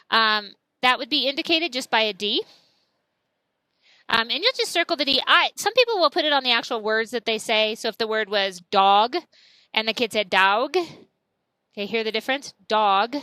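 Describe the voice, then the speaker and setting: A woman's voice: a little high, bright, forceful tone, smooth, no room sound, rough recording. A woman, teaching a class in a chatty, explanatory way and saying example words aloud. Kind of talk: classroom lecture.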